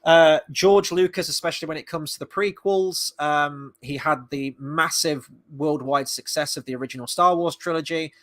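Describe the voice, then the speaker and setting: A man's voice: a little high, fairly even intonation, moderate pace, few pauses, fairly bright tone. A man giving a blunt, exasperated film review in casual, sweary talk.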